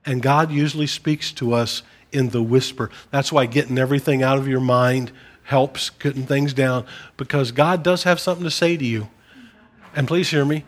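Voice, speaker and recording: A man, a pastor, preaching a gentle, conversational sermon with casual asides to his listeners. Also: mid-range voice.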